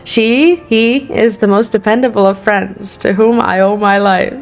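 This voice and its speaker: A woman's voice: medium pitch, steady tone, measured pace, close to an everyday voice. A woman reading a polite young woman scholar's game dialogue aloud in her own voice, with faint game music behind.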